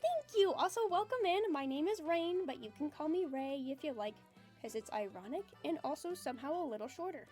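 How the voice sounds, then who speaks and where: A woman's voice: animated, brisk, a little mellow, faint music behind. A woman chatting casually with her livestream chat, reading messages aloud and giggling often. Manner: self-described low-energy and introverted. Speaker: streamer chatting with live chat.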